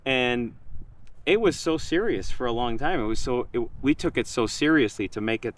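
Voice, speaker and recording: A man in casual conversation, telling a story in an animated way and quoting himself and others. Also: mid-range voice, normal speed. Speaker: project creator.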